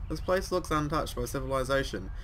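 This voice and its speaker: A man's voice: medium pitch, animated, fairly quick, fairly bright tone, a little hiss or hum. A young man reading a visual novel aloud, breaking off into joking, sweary asides. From New Zealand. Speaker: let's play host.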